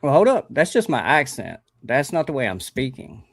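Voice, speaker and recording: A man on a panel call jumps in to object, his voice gravelly and lively in pitch. The call audio is dry and close. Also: moderate pace, no room sound. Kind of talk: casual panel debate.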